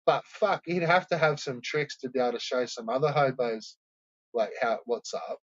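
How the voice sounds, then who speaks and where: A man's voice: mid-range voice, moderate pace, no room sound, muffled recording. A man rambling through a profane, casual commentary, laughing often.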